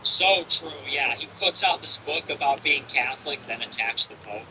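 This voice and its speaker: A man's voice: mid-range voice, animated, normal speed, noisy background. A man hosting a livestream, chatting casually and ranting bluntly with frequent profanity. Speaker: livestream host.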